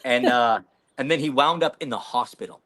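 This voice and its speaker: A man's voice: mid-range voice, normal speed, a bit bright. A man, a podcast guest telling a rambling, profane story in casual chat. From Canada.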